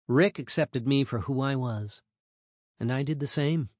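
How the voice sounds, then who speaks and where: A man reading a first-person memoir as an audiobook narrator, in a measured storytelling manner. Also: mid-range voice, darkish tone, no room sound, clean studio sound.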